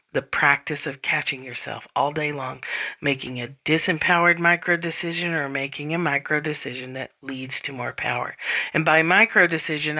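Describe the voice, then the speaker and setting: A woman's voice: low voice, sharp tone. A woman hosting a spiritual self-help podcast, talking casually and bluntly, swearing freely and acting out inner voices. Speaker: podcast host.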